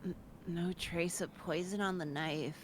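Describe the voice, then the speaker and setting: A woman voicing an earnest courtroom lawyer in a video game, reading quietly and evenly. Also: on the low side, fairly even intonation, unhurried, heavy background noise, voice pushed down, lightly acted.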